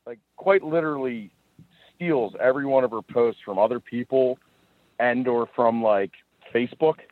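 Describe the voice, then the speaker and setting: A man's voice: mid-range voice, moderate pace. A man, co-hosting a podcast in casual chat, telling stories in a wry, laid-back way. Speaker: podcast co-host. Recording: tinny phone-line sound.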